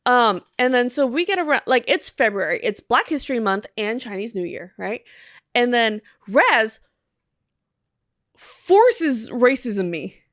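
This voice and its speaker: A young woman co-hosting a podcast in casual chat, telling stories in an animated, profane way and acting out the dialogue. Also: fairly high pitch, measured pace, no room sound, clean studio sound. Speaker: podcast co-host.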